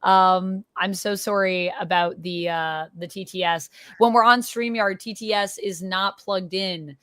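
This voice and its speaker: A woman's voice: mid-range voice, steady tone, measured pace, a bit bright, no room sound. Chatty woman hosting a livestream. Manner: chatty, many fillers. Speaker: livestream host. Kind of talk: casual chat.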